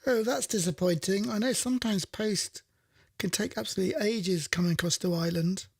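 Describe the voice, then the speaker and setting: A man's voice: sits high, fairly quick, vocal fry, no echo. A man hosting a radio music show, chatting casually, thinking aloud and correcting himself as he goes, at a studio microphone. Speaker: radio DJ host.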